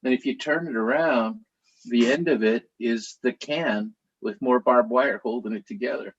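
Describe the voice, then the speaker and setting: A middle-aged man telling stories to a live audience in an animated, chatty way, laughing now and then as he talks. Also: mid-range voice, normal speed, slightly rough, highs cut off. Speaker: author.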